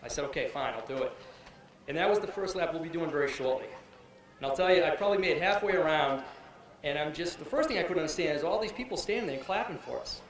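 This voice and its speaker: A man telling a rambling, animated personal story as a cancer survivor at an outdoor ceremony. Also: a little high, quick pace. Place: outdoor event with a crowd. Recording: echoey PA sound from far off.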